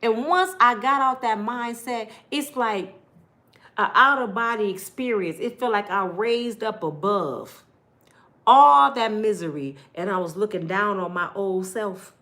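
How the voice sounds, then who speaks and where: A middle-aged woman vlogger giving heartfelt life advice in an animated, preachy big-sister way. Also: mid-range voice, measured pace.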